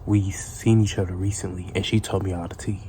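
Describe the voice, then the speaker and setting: Low flat-voiced man telling a story. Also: a little fast, slight background noise. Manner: profane, rambling retelling with restarts. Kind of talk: casual storytime monologue.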